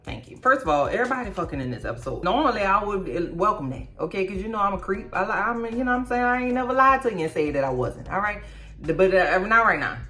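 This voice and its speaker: Blunt, animated woman recapping a show. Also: mid-range voice, fast talker, faint music behind. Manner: animated, blunt and profane, with mocking asides. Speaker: YouTube recap host. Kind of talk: casual reaction commentary.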